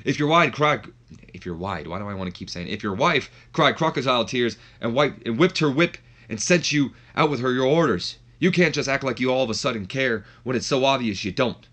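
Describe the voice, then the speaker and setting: A man's voice: mid-range voice, lively intonation, a little fast, a bit bright. A man putting on a cocky male wrestler who mocks his rival and talks about himself in the third person. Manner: boastful, mocking, refers to himself in third person. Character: cocky trash-talking male wrestler, brash showman.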